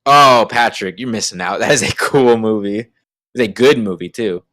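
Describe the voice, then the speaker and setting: A man with a lowish voice chats loosely on a podcast, circling through his thoughts with plenty of "like" and "you know." The sound is dry and close, with no room echo. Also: moderate pace, sharp tone. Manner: rambling, with many fillers and restarts. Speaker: podcast co-host. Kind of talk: casual chat.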